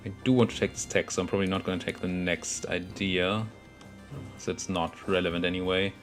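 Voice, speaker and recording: A man's voice: low voice, level tone, brisk, soft background music. A young man casually commentating his own strategy game, thinking aloud and muttering at the units on screen. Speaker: gameplay commentator.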